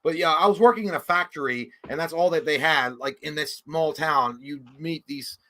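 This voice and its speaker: A man co-hosting a podcast, telling a rowdy story in a profane, animated way and acting out what people said. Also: a little high, normal speed. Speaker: podcast co-host. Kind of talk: casual storytelling chat.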